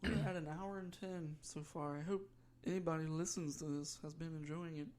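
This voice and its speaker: A man's voice: a little high, little pitch movement, a little fast, a little mellow, clear, resonant tone. A young man from the eastern United States co-hosting a podcast, giggling and echoing his co-host's jokes. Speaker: podcast co-host. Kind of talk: casual joking chat.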